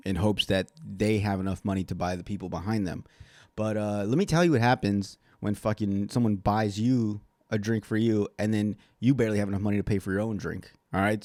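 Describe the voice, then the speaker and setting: A man's voice: fairly low pitch, darkish tone, dry recording. Profane rambling man ranting solo. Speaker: podcast host. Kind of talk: solo podcast rant.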